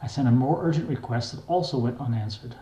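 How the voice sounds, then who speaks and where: An older man reads his own memoir aloud in a plain, wry, unhurried way. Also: medium pitch, dark tone. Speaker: memoir reader. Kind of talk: memoir narration. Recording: echoey room.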